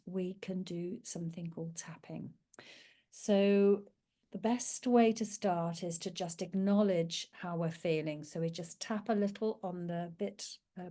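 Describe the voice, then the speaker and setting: A woman, working as a parenting coach, gently and reassuringly explains a calming technique. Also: on the low side. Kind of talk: talking-head teaching video.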